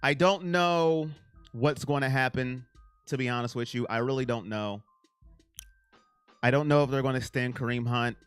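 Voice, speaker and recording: A man hosting a casual sports livestream, answering chat and swinging from loud to mumbling. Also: medium pitch, normal speed, pauses often, clean tone, no echo, faint music behind. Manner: excitable, reads chat names aloud, swings from loud to mumbling. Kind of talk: casual live-chat commentary.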